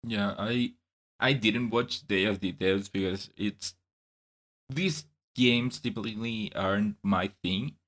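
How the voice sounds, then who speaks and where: A man's voice: lowish voice, slow, a bit bright. A man co-hosting a video game podcast, talking casually in a thoughtful, somewhat hesitant way. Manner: thoughtful, hesitant, self-correcting. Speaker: podcast co-host. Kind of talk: casual chat.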